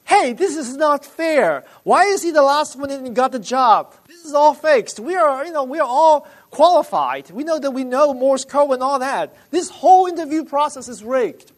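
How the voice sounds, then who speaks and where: A preacher doing loud, indignant young job applicants. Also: male voice, extremely high pitch, lively intonation, normal speed, few pauses, pitched above the performer's own voice. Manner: loud, protesting.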